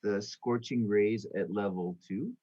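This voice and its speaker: A man playing in a tabletop role-playing game, thinking his moves through out loud. His voice sits a little low. The recording is dull and lo-fi. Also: unhurried. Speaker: player.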